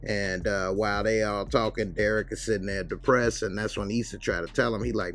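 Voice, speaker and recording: Recapping a TV episode in a relaxed way, this man speaks with a fairly low, steady, and fairly bright voice. His retelling of scenes is loose and chatty, punctuated by brief acted-out quotes.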